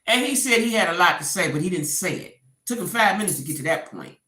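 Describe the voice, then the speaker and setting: A woman's voice: fairly low pitch, quick pace, roomy sound. A woman doing casual gossip commentary, acting out the quotes as she retells a story. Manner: animated storytelling, acts out quotes.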